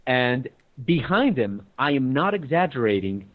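A man in casual chat, telling an animated story and acting out both sides of the conversation. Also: medium pitch, unhurried. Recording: tinny phone-like line.

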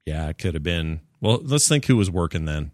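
A man hosting a casual movie chat, joking and animated, with silly put-on voices when he quotes people. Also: low-pitched, fairly quick, no echo, clean studio sound.

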